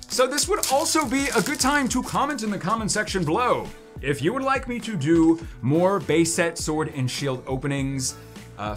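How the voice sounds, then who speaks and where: Male unboxing host, goofy and chatty, slightly high voice, faint music bed. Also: a bit bright. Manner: playful, jokey, swings his voice up and down. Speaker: card-opening channel host. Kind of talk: casual unboxing commentary.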